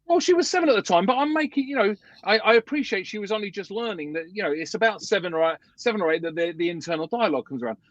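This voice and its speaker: A man's voice: high-pitched, lively intonation, rapid-fire, few pauses, dry recording, muffled recording. A man co-hosting a podcast, asking probing questions in casual chat. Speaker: podcast co-host.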